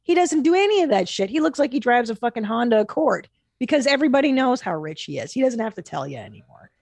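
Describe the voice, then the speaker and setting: A woman hosting a podcast in casual chat, blunt and animated, swearing freely. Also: a little high, fast, no room sound. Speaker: podcast host.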